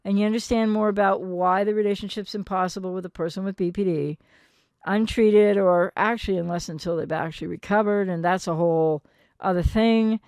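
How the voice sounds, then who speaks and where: A woman in her sixties, a therapist, giving earnest, gentle advice straight to her viewers and acting out quoted partners now and then. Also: mid-range voice, steady tone, brisk, smooth, dry recording, clean studio sound.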